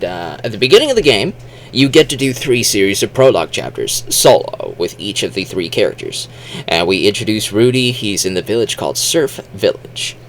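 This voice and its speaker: A man's voice: fairly low pitch, a little hiss or hum. A man giving casual spoken commentary as a video host, rambling with restarts and fillers. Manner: acts out silly exaggerated quotes.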